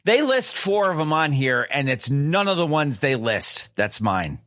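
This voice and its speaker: Upbeat podcast host guy doing a countdown, kinda high voice, dry close sound. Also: big pitch swings, unhurried, fairly bright tone, no room sound. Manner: playful, enthusiastic, quotes lyrics. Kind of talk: casual chat counting down hip hop albums.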